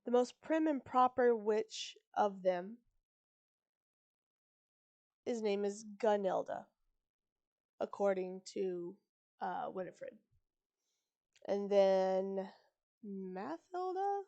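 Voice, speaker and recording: A woman reading a book aloud on a live stream, pausing for chatty, digressive asides and correcting her own slips. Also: mid-range voice, animated, vocal fry, a little mellow, muffled recording. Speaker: live-stream story reader.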